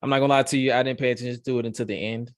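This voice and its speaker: A man hosting a podcast, reviewing wrestling in excitable, profane, rambling casual chat. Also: medium pitch, racing, dry recording, clean studio sound. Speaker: podcast host.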